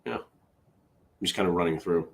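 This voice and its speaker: A man's voice: deep voice, measured pace, vocal fry. A man hosting a casual solo morning show. He rambles, interrupts himself, and drifts into side stories between the jokes he reads aloud.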